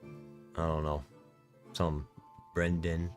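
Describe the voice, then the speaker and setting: A young man streaming, teasing in casual, deadpan banter with mumbled asides. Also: very deep voice, slow, soft background music.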